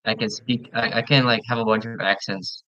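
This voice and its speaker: A man chatting casually while playing a game with a friend, relaxed and talkative, often stumbling and restarting his sentences. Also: fairly low pitch, brisk, no echo, dull audio. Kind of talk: casual gaming chat.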